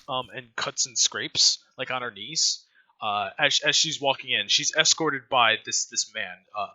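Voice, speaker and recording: A man's voice: mid-range voice, pushed and bright, rough recording. A man narrating a tabletop game as game master, loose and full of fillers. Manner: loose, filler-heavy narration with frequent laughs.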